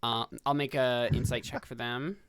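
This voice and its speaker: A man running a tabletop game as game master, explaining rules in a relaxed, rambling way. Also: mid-range voice, normal speed, clear, resonant tone, dry recording, clean studio sound. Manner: relaxed, filler-heavy explaining.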